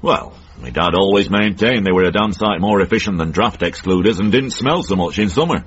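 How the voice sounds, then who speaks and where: An actor playing a cantankerous older northern man in a radio comedy drama, blunt and gruff with a Northern English accent. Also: sits low, brisk, fairly bright tone. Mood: grumbling. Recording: dull old radio broadcast.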